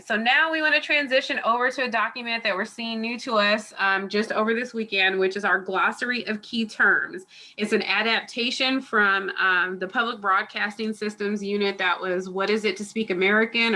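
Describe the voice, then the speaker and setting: A woman college instructor gives an online class review lecture from a home or office, heard through a computer mic on a video call. Her mid-range voice is steady, bright and forceful, and she speaks fairly quickly. She's chatty and digressive, with lots of fillers.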